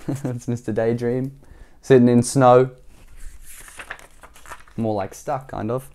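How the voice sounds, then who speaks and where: A man's voice: medium pitch, fairly even intonation, slow, a little mellow. A man from Australia, reading a children's storybook aloud and adding playful chatty asides to listeners. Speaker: storybook reader.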